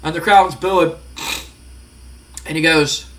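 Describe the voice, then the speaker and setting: Bright, excitable man narrating a game. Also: a little high, very slow, pauses often. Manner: excitable, acts out wrestlers' lines. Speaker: gaming video host. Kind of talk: narrating a wrestling sim playthrough.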